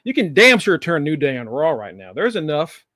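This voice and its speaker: A man co-hosting a wrestling podcast, recapping the show in a relaxed way and laughing often. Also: fairly high pitch, fairly quick, no echo, studio quality. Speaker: podcast co-host.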